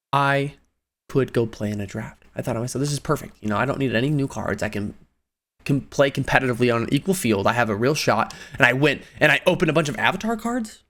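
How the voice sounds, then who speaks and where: A man in his twenties telling personal stories in a casual vlog, animated, laughing often and jumping up in pitch on emphasis. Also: fairly quick, vocal fry. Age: 20s. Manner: animated, laughing storyteller with sudden pitch jumps. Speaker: video creator.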